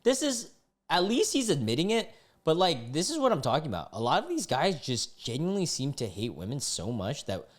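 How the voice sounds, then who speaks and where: A man's voice: fairly high pitch, huge pitch swings, a little fast. A man in his twenties reading online posts aloud and reacting with exasperated, disgusted outbursts. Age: 20s. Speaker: online commentator.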